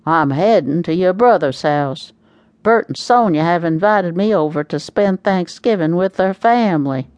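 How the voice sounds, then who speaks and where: A woman voicing a grumpy old father who talks bluntly and slowly in an audiobook. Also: lowish voice, lively intonation, darkish tone, no room sound. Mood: gruff.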